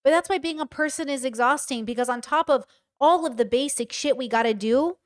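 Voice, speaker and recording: A woman's voice: high-pitched, a little fast. A woman streaming casual live commentary, talking bluntly and with emphasis straight to her chat. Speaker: streamer reacting to a show.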